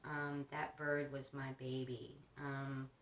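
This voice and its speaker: A woman's voice: rumbling low, little pitch movement, slow pace. A woman hosting a craft channel, chatting casually and rambling with frequent restarts while she crafts. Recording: roomy, distant mic with faint noise.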